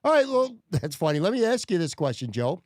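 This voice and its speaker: A man hosting a sports podcast in casual chat, relaxed and hedging with fillers. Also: high voice, brisk, no echo, studio quality. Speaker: podcast host.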